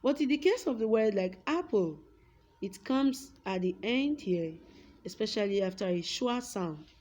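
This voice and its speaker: Young Nigerian woman, English teacher at the board, middle pitch, slow deliberate stress on key words. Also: animated, a little mellow. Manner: slow, drawn-out words when stressing a point; repeats example words aloud. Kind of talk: classroom lesson with a whiteboard.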